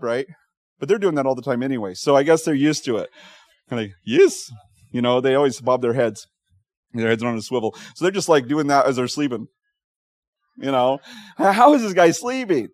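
A male pastor preaching a sermon, telling stories with animated quoted voices and frequent laughs. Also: medium pitch, fairly quick, no echo, studio quality. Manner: animated storytelling, laughs often, acts out quotes.

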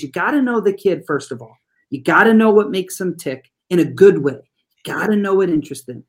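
An animated school staffer tells classroom stories in an interview. The delivery is folksy and chatty, with listeners addressed as "y'all". The pitch sits in a middle range. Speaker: school trauma-informed support staff. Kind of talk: storytelling in an interview.

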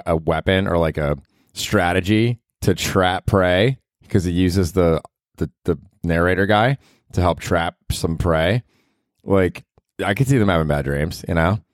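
A man's voice: deep voice, no echo, clean studio sound. A man hosting his own podcast, talking in a rambling, profane, self-mocking comedic monologue. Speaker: podcast host.

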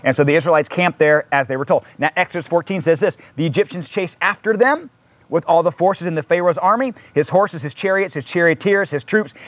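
A man's voice: a little high, a bit bright, no echo. A man preaching a sermon in a conversational way, reading scripture aloud and adding casual asides. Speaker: pastor.

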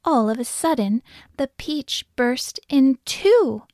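A woman narrating a children's folk tale in a gentle, expressive storybook reading. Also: high-pitched, slow, dry recording, studio quality.

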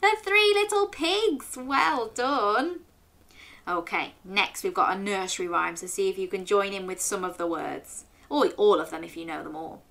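A woman hosting a children's story and quiz show, speaking in a sing-song, drawn-out way for young listeners. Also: mid-range voice, vocal fry, a bit bright. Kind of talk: playful read-aloud quiz for children.

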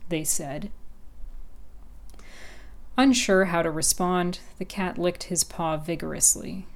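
A woman narrating a story in a calm, even way. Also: on the low side, slow pace.

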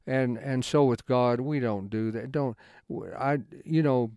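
A man giving an informal Bible study talk in a folksy, rambling way, halting often and restarting his sentences. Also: mid-range voice, a little mellow, clean tone, dry recording, studio quality. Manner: folksy, conversational storytelling. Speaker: Bible teacher.

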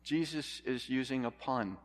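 A man delivers a sermon with earnest emphasis, stopping often to ask his listeners questions. His voice sits at an ordinary middle pitch, and a long reverb trails after his words as if he stands in a large hall. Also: measured pace. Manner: earnest, emphatic preaching with rhetorical questions to the congregation. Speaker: preacher.

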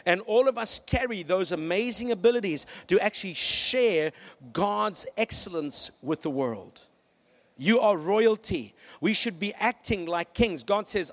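High-voiced energetic male pastor preaching. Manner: energetic, with storytelling and "come on" calls to the congregation. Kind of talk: preaching a sermon.

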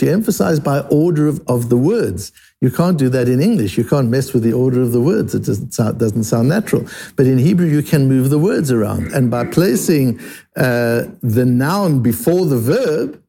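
Gravelly male Talmud teacher. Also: on the high side, dark tone. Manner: explanatory, repeats and restarts words, mixes English with Hebrew and Aramaic terms. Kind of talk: Talmud lesson.

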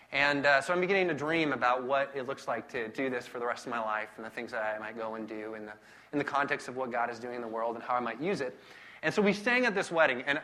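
Bright, lively-voiced man preaching. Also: medium pitch. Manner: self-deprecating, conversational, animated storytelling. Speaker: pastor. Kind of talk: casual sermon with personal stories.

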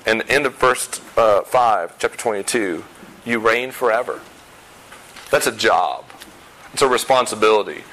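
A pastor preaching a sermon in a conversational way, with self-deprecating humor and emphatic repetition of key points. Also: male voice, medium pitch, pushed and bright, slight background noise, rough recording. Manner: emphatic, repeats key phrases.

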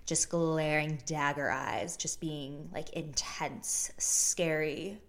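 A young woman in her twenties talks straight to camera as a casual storyteller. Her voice sits a little low for a woman. She is candid and chatty, swears freely, and restarts her sentences as her thoughts catch up. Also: steady tone, slow, a bit bright. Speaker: vlogger.

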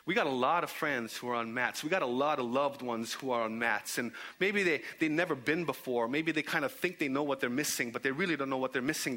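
A high, bright-voiced young man tells a story as he preaches in a church. He talks playfully and slips into the voices of the people in the story. His tone is forceful and clear. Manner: animated, playful, acts out the characters' voices. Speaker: guest preacher. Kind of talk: storytelling sermon.

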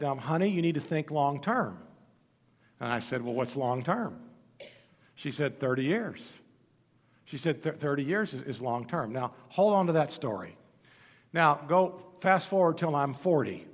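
Preacher man with a high voice in a reverberant hall. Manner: storytelling preacher, swings from loud emphatic to hushed. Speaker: pastor. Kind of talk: sermon.

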